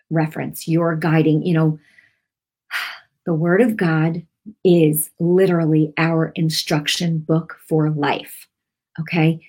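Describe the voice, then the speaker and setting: A woman hosting an online ministry broadcast, teaching a devotional message in an earnest, conversational way with many asides. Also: on the low side.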